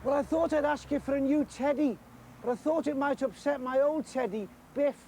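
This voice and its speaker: A man voicing an eager, polite little girl in a storybook reading, sounding excited and earnest. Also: very high voice, normal speed, slight background noise, pitched above the performer's own voice.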